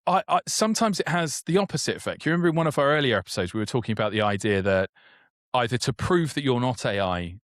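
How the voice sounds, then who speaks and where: A man co-hosting a podcast in casual chat, animated, with frequent restarts and sudden upward jumps in pitch when excited. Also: dry recording, studio quality. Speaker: podcast co-host.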